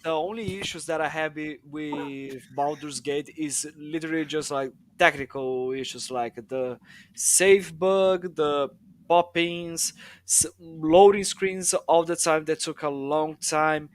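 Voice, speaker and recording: A man chatting on a gaming podcast, breaking into laughter and repeating himself as he talks. His voice is slightly high and very dry, with no room sound. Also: slow pace, no echo. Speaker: podcast co-host. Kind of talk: casual banter.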